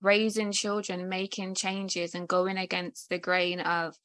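A woman's voice: lowish voice, monotone, measured pace, a bit bright, no echo. A woman hosting a podcast, talking reflectively and personally in casual conversation. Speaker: podcast host.

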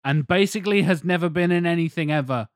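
A man's voice: on the high side, fast, dry recording, studio quality. A man co-hosting a casual film podcast, reading out the plot with sweary, wry asides. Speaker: podcast co-host. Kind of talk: casual film review chat.

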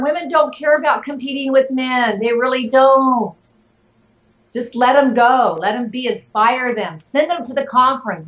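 A woman's voice: high voice, fairly bright tone, highs cut off. A middle-aged woman giving advice as an interview guest, talking earnestly with lots of fillers. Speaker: guest, network marketing leader. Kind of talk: casual interview talk.

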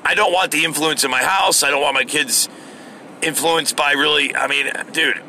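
A middle-aged American man hosts his podcast with a casual solo rant, cursing liberally and sounding fed up. His voice sits on the high side with a creaky, sharp quality at a moderate pace, against slight background noise.

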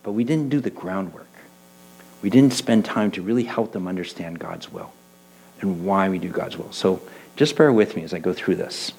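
A middle-aged man and church elder preaching a conversational sermon, telling stories with lively quoted voices. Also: low voice, moderate pace, breathy edge, rough recording. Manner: animated storytelling, voicing quoted people. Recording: mains hum in the background.

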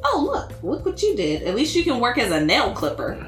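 A woman's voice: fairly high pitch, wildly swooping pitch, fairly quick, voice pushed up. Woman voicing a disdainful noblewoman, airy condescending drawl, lilting, roomy echo. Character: calm, disdainful powerful noblewoman. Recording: roomy echo, faint music.

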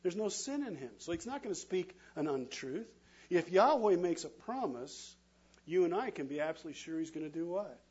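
A middle-aged man preaching a sermon, asking his congregation questions and pausing for them to answer, with emphatic delivery. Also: fairly high pitch, lively intonation, darkish tone, husky, dull audio. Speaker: pastor.

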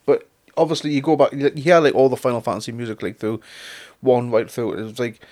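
A man with a voice of middling pitch, talking in easy, laid-back podcast banter. He rambles a little as he recalls things, laughs often and swears casually. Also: fairly even intonation, fast talker, darkish tone. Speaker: podcast co-host. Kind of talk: casual chat.

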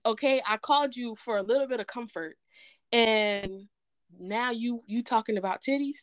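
Brief: woman co-host, lively storyteller, high-ish voice, dry close sound. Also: moderate pace, dry recording. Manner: animated storyteller, quotes others in dialogue. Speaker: podcast co-host. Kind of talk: casual chat, storytelling.

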